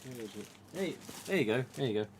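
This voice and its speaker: A man's voice: mid-range voice, animated, fast, slight background noise. A man with an English East Midlands accent hosting a casual live stream, rambling chattily through his topic. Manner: chatty, rambling, retells dialogue. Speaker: live stream host, mask collector.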